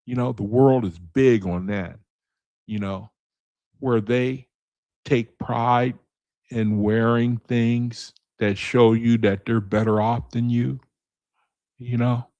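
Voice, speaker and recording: A man's voice: mid-range voice, fairly even intonation, slow, pauses often, a little mellow, no room sound, lo-fi sound. A man leading a casual video Bible study, talking straight to his viewers, repeating his points and calling them brethren and man, with speech.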